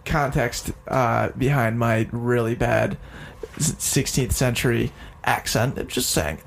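A man's voice: mid-range voice, steady tone, unhurried, vocal fry, slight background noise. A young man co-hosting a podcast, telling stories in a joking, self-mocking way. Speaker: podcast co-host. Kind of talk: casual chat.

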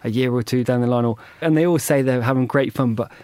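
Male co-host, rapid, informative, rambling a bit, dry mic. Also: mid-range voice, darkish tone, dry recording. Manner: easygoing, informative, slightly rambling. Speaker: radio co-host. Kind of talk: casual chat.

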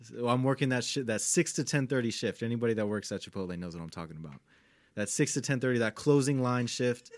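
A man in a relaxed podcast chat, spinning a meandering story with plenty of swearing and easy laughter. His voice sits in a middle register and sounds close and dry, with no room around it. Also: medium pitch, fast, no room sound. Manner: laid-back, rambling, swears often, laughs through his stories. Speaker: podcast co-host.

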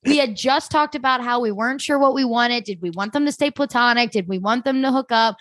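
Woman, high-pitched and gushing, casual recap host, dry close mic. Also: brisk, a bit bright, no echo. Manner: gushing, enthusiastic. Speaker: podcast co-host.

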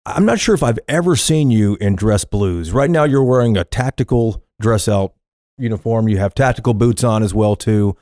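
A man interviews a guest on a podcast. His voice is low-pitched and recorded dry and close. He talks conversationally, with fillers and small restarts. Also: normal speed, dark tone, dry recording. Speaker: podcast host.

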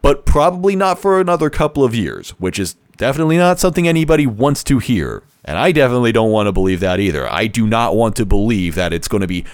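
A man's voice: mid-range voice, sing-song, fast talker, hardly any pauses, dry recording, clean studio sound. A man giving a casual solo talk as a baseball fan commentator, rambling, correcting himself and joking wryly. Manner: rambling, self-correcting, wry. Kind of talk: casual solo sports podcast.

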